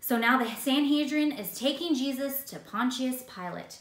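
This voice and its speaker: Animated woman telling a Bible story. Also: sits high, normal speed, roomy sound, far from the mic. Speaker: Bible teacher.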